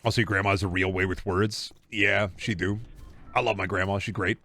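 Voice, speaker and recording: A man's voice: low-pitched, fairly even intonation, quick pace, fairly bright tone. Midwestern man chatting on stream. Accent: Midwestern American. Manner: rambling, reading and answering chat. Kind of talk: casual stream chat while gaming.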